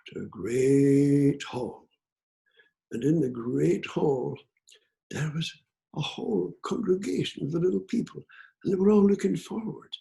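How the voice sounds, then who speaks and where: An older Scottish man telling a traditional folk tale in an unhurried, rhythmic way with repetitions, in a living room. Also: on the high side, creaky, a little mellow. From Scotland. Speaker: storyteller.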